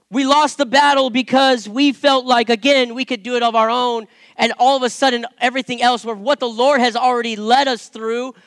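A man who is an adult parent, a pastor or Bible teacher, gives an informal sermon with scripture reading, chatty and sometimes repetitive, building up to emphatic points. His voice is very high-pitched and fairly bright, in clean studio sound with no echo.

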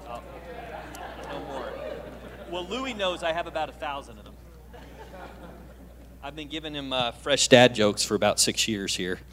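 On a church stage, a guest pastor in his thirties with a mid-range, fairly bright voice tells a personal story in his sermon. He's chatty and self-deprecating, mixing in humor and asking the congregation questions.

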